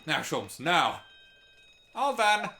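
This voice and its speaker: A man's voice: a little high, very animated, slow pace, bright, forceful tone, a little hiss or hum. A man hosting a let's play, chatting casually and joking while playing a game. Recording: music playing behind.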